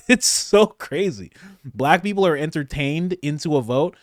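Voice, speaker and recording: A man, a comedian, giving comedic political commentary in an animated, laughing, incredulous way. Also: on the high side, a little slow, no echo, studio quality.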